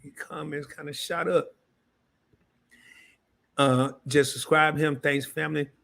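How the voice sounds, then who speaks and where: Talking slowly to his chat on a casual live stream, a man with a fairly high voice and noticeable vocal fry gets excited. He repeats himself frequently and keeps starting his sentences over.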